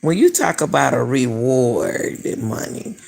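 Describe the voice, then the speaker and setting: A woman's voice: extremely low pitch, very animated, unhurried, gravelly, a little mellow. A middle-aged woman hosting a casual commentary show, emphatic and repetitive, firing off rhetorical questions. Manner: emphatic, repeats phrases, fires rhetorical questions. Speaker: commentary channel host. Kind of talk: casual commentary on a missing-person case.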